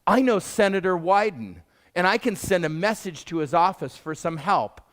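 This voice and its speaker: A man voicing a steady, reassuring friend. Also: high-pitched, moderate pace. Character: helpful male friend on the phone, steady.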